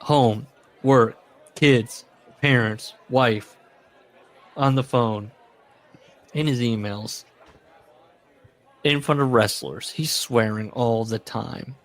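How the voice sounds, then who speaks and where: A man's voice: mid-range voice, slow pace, long pauses, some chatter behind. A man co-hosting a podcast, casually reading book passages aloud with sarcastic commentary. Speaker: podcast co-host.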